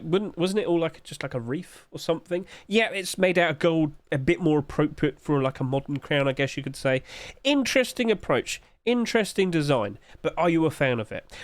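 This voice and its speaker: Chatty man with a bright higher voice. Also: dry recording. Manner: chatty, asks viewers rhetorical questions. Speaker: host reviewing game skins. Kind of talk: casual video commentary.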